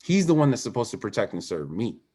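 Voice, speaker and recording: Low-pitched, fast and husky, this male guest is a former Olympic swimmer telling candid personal stories in conversation. He speaks with animation and emphasis, his volume swinging widely from quiet to raised.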